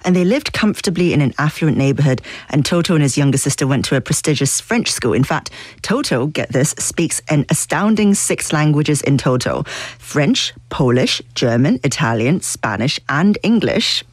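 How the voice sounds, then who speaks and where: A man's voice: a little high, animated, normal speed, dry recording. A man co-hosting a documentary podcast, narrating a scripted story with enthusiasm. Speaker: podcast co-host.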